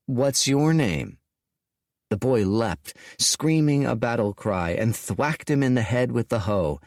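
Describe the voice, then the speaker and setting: Brief: measured male audiobook reader, deliberate pacing, dry studio sound. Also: medium pitch, no room sound. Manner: slow, deliberate, expressive reading. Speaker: audiobook narrator. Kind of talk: scripted audiobook narration.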